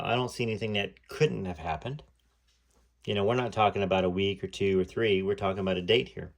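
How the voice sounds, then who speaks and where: A man reading a novel aloud and adding relaxed, conversational asides to viewers. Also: medium pitch, gravelly. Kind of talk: book reading with commentary.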